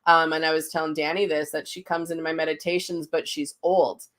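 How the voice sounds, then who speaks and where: A woman hosting a casual chat, vividly retelling a story and acting out the voices in it. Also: fairly quick. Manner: animated retelling, acts out quotes with big pitch jumps. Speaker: host, psychic medium.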